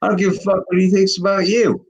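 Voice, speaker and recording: A man in his sixties with a gravelly voice, rambling and swearing constantly in casual chat. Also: high voice, little pitch movement, fast talker, lo-fi sound, slight background noise. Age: 60s. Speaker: video creator on a live call.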